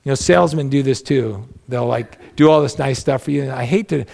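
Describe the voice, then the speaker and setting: A man's voice: medium pitch, steady tone, brisk, vocal fry, darkish tone. A male pastor preaching a sermon in a conversational, folksy way, with humorous asides.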